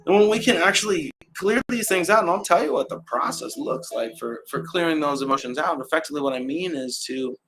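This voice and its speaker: A man hosting a casual live stream at home, talking in a relaxed, rambling way with frequent restarts. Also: a little high, fairly quick, creaky, hardly any pauses, faint music behind. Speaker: host. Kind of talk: casual livestream talk. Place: indoor home setup with adjustable lights. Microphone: camera mic on a live stream.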